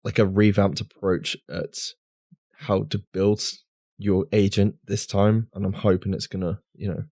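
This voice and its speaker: A man co-hosting a gaming podcast in a loose, rambling chat. His voice sits on the low side. The sound is close and dry, with no room around it. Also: little pitch movement, measured pace, creaky, mellow, dry recording. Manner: rambling, restarts, filler words. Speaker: podcast co-host. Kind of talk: casual chat over drinks.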